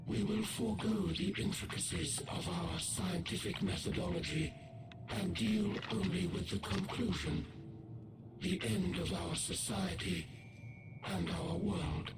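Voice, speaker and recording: A solemn ancient being in a video game, lofty and condescending. His high voice moves slowly and formally. He sounds far from the mic and sits beneath loud orchestral game music. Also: steady tone. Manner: measured, formal, aloof. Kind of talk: video game cutscene voice acting.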